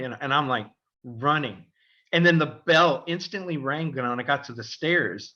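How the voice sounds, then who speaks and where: A middle-aged man tells a story on a casual podcast, his voice bright and forward. He acts out the other people with lively voices. The audio is a little dull and lo-fi. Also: mid-range voice, normal speed. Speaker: podcast co-host, father.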